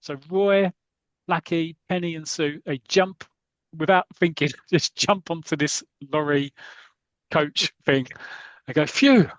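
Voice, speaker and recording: Man, podcast host, casual storytelling, lively, fairly high voice, dry sound. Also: a little slow, dry recording, lo-fi sound. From Britain. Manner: lively, recounts the comic scene by scene with many restarts.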